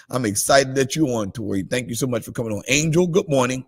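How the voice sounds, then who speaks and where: A man preaching a morning devotional livestream, shifting between calm scripture reading and excited exclamations. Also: medium pitch, normal speed. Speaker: pastor.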